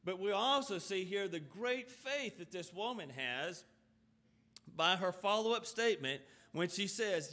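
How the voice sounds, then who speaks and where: Guy preaching a sermon, high bright voice, earnest, reads verses then explains em. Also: animated, a little slow. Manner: earnest, asks rhetorical questions in runs; reads scripture aloud and then explains it in plain talk. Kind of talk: sermon, reading scripture and expounding.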